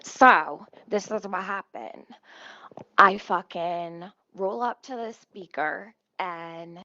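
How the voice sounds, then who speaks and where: A woman at home telling a casual storytime, profane, rambling and animated. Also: fairly low pitch, slow pace, no room sound, lo-fi sound. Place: at home near her kitchen stove.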